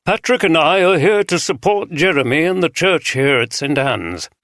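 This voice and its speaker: A man's voice: on the high side, lively intonation, moderate pace, a bit bright, no room sound, pitched above the performer's own voice. Male reader voicing a ruddy, plain-spoken bishop, Northern English accent, dry close sound. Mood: solemn. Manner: blunt and straight-speaking.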